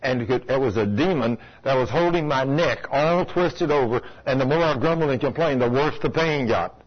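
A man's voice: medium pitch, normal speed, muffled recording. A man preaching a sermon, telling a folksy story and asking the congregation rhetorical questions. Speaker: pastor. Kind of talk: sermon with anecdote.

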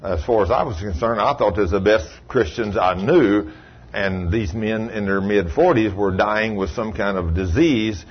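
A man preaching a sermon in a folksy storytelling manner, acting out quoted voices and swinging from low murmurs to sudden high cries. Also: normal speed, breathy edge. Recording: dull lo-fi sound.

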